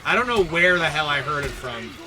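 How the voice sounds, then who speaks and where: A man's voice: fairly high pitch, big pitch swings, a little fast, noisy background. A young American man chatting casually on a live stream while gaming, laughing often and answering chat. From United States.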